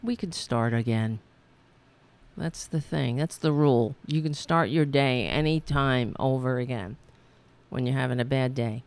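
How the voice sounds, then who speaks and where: A woman's voice: very deep voice, measured pace, a little mellow, smooth. Blunt, profane woman streaming political talk. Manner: blunt, profane, exasperated asides. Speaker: political talk show host. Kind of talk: live-streamed political commentary. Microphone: streaming mic. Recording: tinny mic sound.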